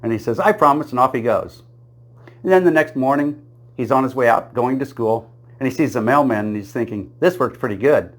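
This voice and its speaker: In this joke-telling monologue, a man with a medium-pitched voice moves briskly from one joke to the next. He keeps a plain storytelling tone, chuckles at his punchlines, and briefly puts on small character voices for quotes.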